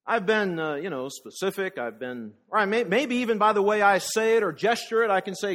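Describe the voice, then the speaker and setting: A man's voice: on the high side, big pitch swings, brisk, a bit bright. A man preaching a conversational sermon, asking the congregation rhetorical questions and often repeating words as he restarts.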